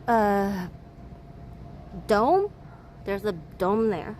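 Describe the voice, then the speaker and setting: A woman's voice: medium pitch, very animated, extremely slow, darkish tone. A woman in her thirties from Taiwan with an American accent, chatting casually and laughing between swear-filled stories. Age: 30s. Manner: profane, laughing, chatty storytelling. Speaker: vlogger. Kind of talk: casual chat. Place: hotel, indoors. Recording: noisy background.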